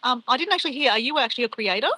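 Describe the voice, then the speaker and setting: A woman's voice: high voice, lively intonation, rapid-fire, pushed and bright, no echo, rough recording. A young woman chatting casually on a travel live stream, rambling and laughing as she reads viewer comments.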